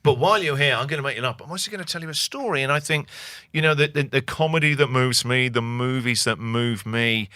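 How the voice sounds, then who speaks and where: Bright-voiced man, candid and reflective. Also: medium pitch, fast, no echo. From England. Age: 40s. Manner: reflective, animated storyteller who acts out voices. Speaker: guest. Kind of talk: candid interview conversation.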